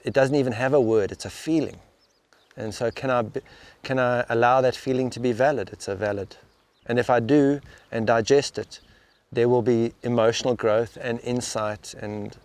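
A man with an ordinary, medium-pitched, darkish voice, recorded dry, speaks reflectively about inner experience as a spiritual teacher being interviewed outdoors in the rain. His thoughtful delivery is halting and unpolished, and he often doubles back to restart a phrase or repeat a word before continuing.

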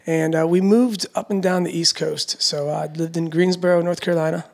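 A man in his thirties, from Florida, a guest in a casual interview, telling his story in a relaxed way with many fillers. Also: fairly high pitch, brisk, creaky. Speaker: guest, roller dealer.

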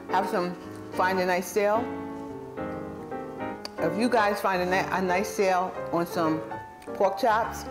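A woman hosting a casual home-cooking video, chatty and rambling, often correcting herself mid-sentence and chuckling as she tastes the food. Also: mid-range voice. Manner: warmly enthusiastic about the food, chuckling. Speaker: cooking channel host.

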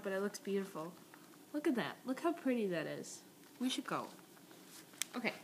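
A woman's voice: medium pitch, a bit bright, slight background noise. A young woman chatting in a casual video message to friends. She talks in a rambling, giggly, awkward way, recorded on a tablet's built-in mic. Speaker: vlogger.

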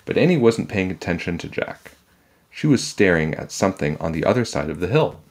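A man reading a children's chapter book aloud in a calm, measured storytelling manner. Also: low voice.

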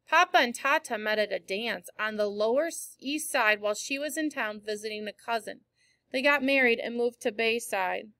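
Woman reading a story out loud, first person, bright highish voice, dry close mic. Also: no echo. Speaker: audiobook reader. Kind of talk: first-person novel narration.

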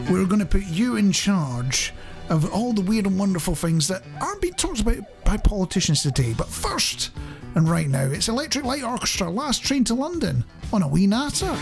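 A man's voice: high voice, creaky. A man co-hosting a radio show, chatting casually and joking at his own expense with a chuckle. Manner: self-mocking, chuckling, chatty. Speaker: radio co-host.

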